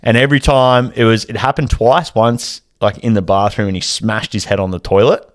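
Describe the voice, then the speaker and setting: Co-host with a lowish voice, dry close sound, quick to laugh and swear. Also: male voice, steady tone, no room sound. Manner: laughs often, sweary banter. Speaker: podcast co-host. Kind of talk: casual chat.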